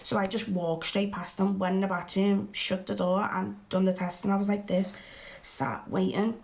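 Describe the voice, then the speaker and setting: A woman's voice: mid-range voice, steady tone, normal speed, vocal fry, darkish tone, close to an everyday voice. An actress playing a blunt, strong-willed young woman who tells her story in chatty, colloquial speech for a verbatim theatre film. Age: young adult. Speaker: interviewee recalling her past.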